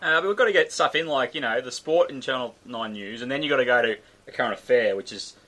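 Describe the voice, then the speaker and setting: A man's voice: medium pitch, fast, sharp tone. An Australian man hosting a casual sports chat show, chatty and joking. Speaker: host.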